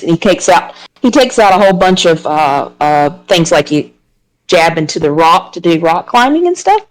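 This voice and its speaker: A woman's voice: lowish voice, big pitch swings, normal speed, poor audio. A woman narrates her character's moves in a tabletop game. She rambles playfully from one action to the next. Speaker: player.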